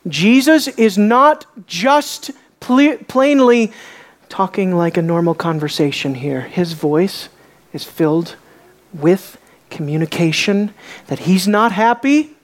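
Slow, emphatic woman preaching a sermon. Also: medium pitch. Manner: emphatic, rising and dropping to quiet for effect.

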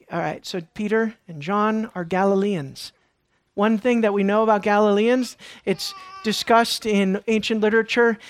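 A man preaching a sermon, moving between hushed lines and emphatic questions. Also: high-pitched, dry recording, clean studio sound. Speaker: pastor.

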